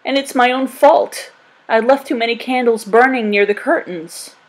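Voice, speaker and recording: A woman voicing a fussy, fearful lanky male innkeeper, in a high-strung, wailing manner. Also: moderate pace, natural voice, low-quality recording.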